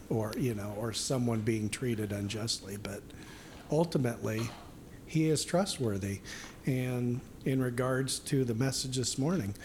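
A man sharing a reflective comment in a faith discussion, speaking in a measured, thoughtful way. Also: medium pitch, a little mellow, a little hiss or hum. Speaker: discussion participant. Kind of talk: reflective conversation.

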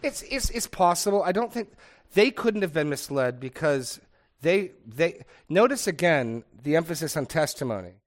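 A man's voice: fairly high pitch, expressive, normal speed. A middle-aged man leading a casual Bible study discussion, chatty and digressive, laughing often as he talks.

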